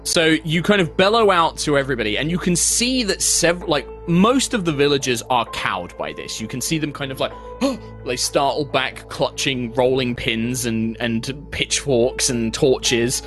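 A man running a tabletop game as its game master, setting scenes in a mid-pitched, everyday voice. He describes people and places loosely, with many fillers and restarts. Faint music plays behind him. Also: lively intonation, normal speed, hardly any pauses, fairly bright tone.

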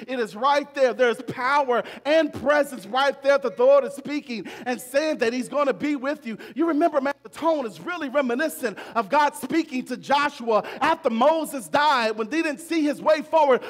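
A man's voice: very high voice, moderate pace. A male pastor preaching a sermon, emphatic and repeating phrases for stress. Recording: long reverb of a large hall.

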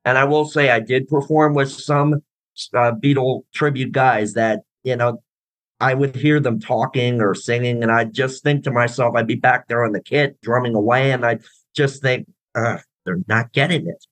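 In a relaxed interview, the guest, a drummer from a tribute act for a famous band, goes on at length in a rambling way, with frequent fillers and restarts. His medium-pitched voice holds a steady tone at a moderate pace, and the audio is dry and low quality.

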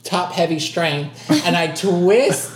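A woman's voice: lowish voice, slow pace. A young woman telling a funny story in casual chat, acting out quotes and laughing often.

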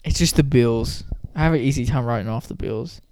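A man co-hosting a sports podcast, skeptical and quick to laugh in casual banter. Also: mid-range voice. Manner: skeptical, animated, laughs easily. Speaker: podcast co-host.

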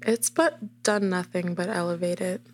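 Earnest low-voiced woman guest. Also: steady tone, normal speed, a little hiss or hum. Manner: earnest, reflective, some restarts. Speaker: guest, dancer. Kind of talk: candid interview answers.

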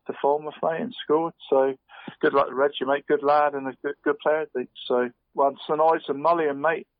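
A man's voice: on the high side, little pitch movement, no echo. Chatty man reading football results down a phone line. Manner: chatty, says "mate" constantly, halting restarts. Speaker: radio sports presenter. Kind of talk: casual football results round-up. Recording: phone-line quality radio audio.

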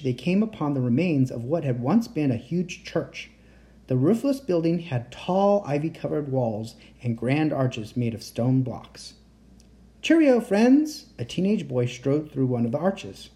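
Animated, mellow storybook reader. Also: medium pitch. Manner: expressive, animated reading. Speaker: audiobook reader. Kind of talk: storybook narration.

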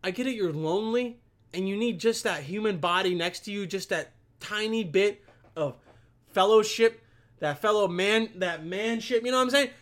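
In a high, fairly bright voice at normal speed, a young vlogger unloads to the camera on his computer. The rant wanders all over and is full of swearing throughout.

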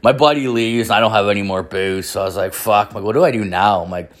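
A man's voice: on the low side, quick pace. A young man telling a crude, rambling story in casual talk, swearing constantly. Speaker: podcast host telling a story.

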